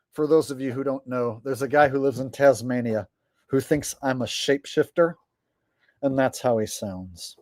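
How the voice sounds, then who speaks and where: A man's voice: medium pitch, moderate pace, darkish tone, no echo. A man streaming on YouTube, chatting casually to his viewers, rambling with frequent "uh" fillers.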